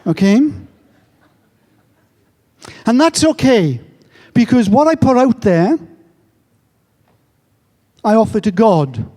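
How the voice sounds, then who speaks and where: A man's voice: high voice, big pitch swings, slow pace, long pauses, dark tone. An English man giving a conference talk, telling a story with self-mocking jokes, heard in a large hall. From England. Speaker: speaker. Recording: long hall reverb.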